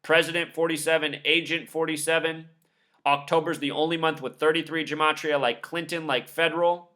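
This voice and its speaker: A video commentator delivers a scornful, emphatic monologue over news clips, rattling off numbers one after another. His voice sits on the high side with fairly even intonation, and he speaks briskly in a bright, forceful tone.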